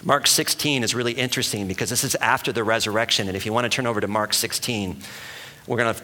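A man giving a sermon as a pastor, talking in a conversational and animated way and asking the room questions. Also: medium pitch, quick pace. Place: church hall with an audience. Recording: long hall reverb.

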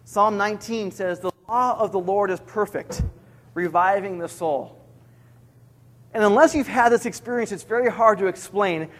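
A middle-aged man preaching a sermon, earnest, slowing down to repeat each key point for emphasis. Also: high-pitched, fairly bright tone. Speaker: pastor.

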